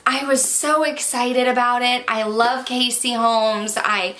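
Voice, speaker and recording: Bright-voiced young woman vlogger. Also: a little high, flat delivery, slow pace, hardly any pauses. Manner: candid, chatty, disappointed tone. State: slightly out of breath. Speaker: beauty vlogger. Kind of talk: casual product review.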